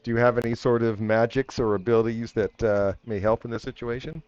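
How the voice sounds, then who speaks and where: A man running a tabletop game as game master, relaxed and chuckling. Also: mid-range voice, a little fast, dry recording, muffled recording.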